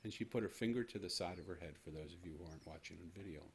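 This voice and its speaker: Older guy in his sixties, low gravelly voice, measured earnest storytelling on his podcast. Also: a little hiss or hum. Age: 60s. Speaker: podcast host. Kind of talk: personal storytelling to a guest.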